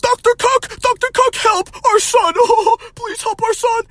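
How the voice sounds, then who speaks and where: Man putting on a shrill, frantic falsetto parent, loud and panicky, comic mockery. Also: fairly even intonation, a little slow. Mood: panicked.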